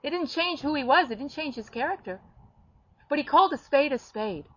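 A woman preaching a sermon in a blunt, emphatic way, rising into sharp bursts when she quotes others. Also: sits high, animated, a little fast, no room sound, lo-fi sound. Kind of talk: sermon-style teaching.

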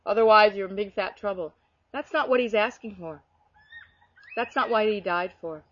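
A woman's voice: medium pitch, normal speed, no room sound. Earnest middle-aged woman telling stories. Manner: earnest, storytelling, frequent restarts. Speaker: Christian speaker. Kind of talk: casual faith chat. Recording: dull lo-fi recording.

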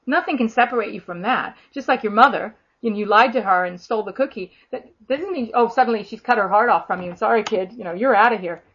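A woman with an Australian accent preaching a sermon, telling stories in a chatty, animated way. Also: on the high side, fast talker, hardly any pauses. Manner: conversational, animated storytelling with acted quotes. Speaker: minister. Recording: echoey room, dull lo-fi sound.

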